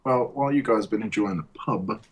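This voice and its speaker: A man's voice: on the low side, fast talker, crowd noise. A young man, a podcast co-host, ranting bluntly and profanely in casual chat.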